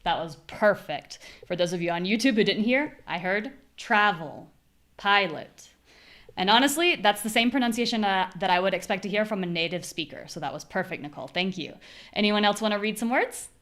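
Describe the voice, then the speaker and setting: A woman's voice: medium pitch, expressive, fairly bright tone. American woman teaching pronunciation drills. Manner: clear, demonstrative, repeats syllables slowly for drills. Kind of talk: live online pronunciation class.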